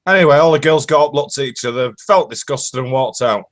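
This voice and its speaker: Brief: British man, voice on the high side, casual joking co-host. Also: fast, few pauses, fairly bright tone. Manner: joking banter, tells jokes. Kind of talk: casual live-stream chat.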